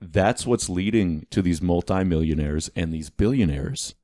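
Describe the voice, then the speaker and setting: A middle-aged man with a lowish voice rants through a casual podcast chat. He swears freely and gets animated, and he keeps talking over his co-host. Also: a little slow.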